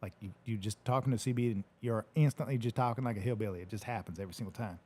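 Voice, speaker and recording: A relaxed man with a husky voice chats casually on a livestream, reading out viewer comments. He jokes easily and drops a curse word here and there, and his tone sits low and mellow. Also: rapid-fire. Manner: laid-back, joking, swears casually. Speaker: podcast host reading live comments. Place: home studio.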